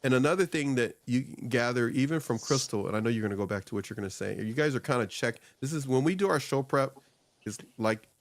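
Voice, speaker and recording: A man's voice: mid-range voice, fast, dry recording. Rambling, laughing middle-aged man host. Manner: rambling, animated, laughs often, acts out quotes. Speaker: show host. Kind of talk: casual talk-show chat.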